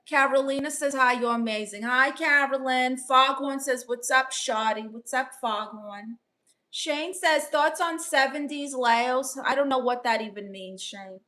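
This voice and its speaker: A woman from Brooklyn with a Brooklyn accent, hosting a casual livestream, reading viewer comments aloud and answering with sassy, quick comebacks. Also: high-pitched, bright, forceful tone. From Brooklyn, New York. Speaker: livestream host reading chat.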